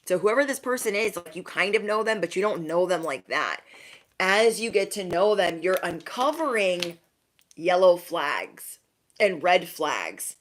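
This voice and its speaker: A woman's voice: on the low side, big pitch swings, unhurried. Chatty woman giving a spiritual reading. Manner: chatty, frank, many "like" fillers. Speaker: intuitive card reader. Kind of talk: casual spiritual reading to viewers.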